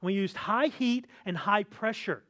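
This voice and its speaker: A man's voice: sits high, moderate pace, bright, forceful tone. A pastor preaching a sermon in a conversational way, often checking in with his listeners by asking "right?". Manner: acts out complaining voices with sighs.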